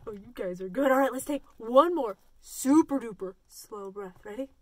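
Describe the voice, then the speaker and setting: A woman children's librarian leading a story time, talking in an animated, sing-song way and coaxing the children to join in. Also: a little high, moderate pace, slight background noise.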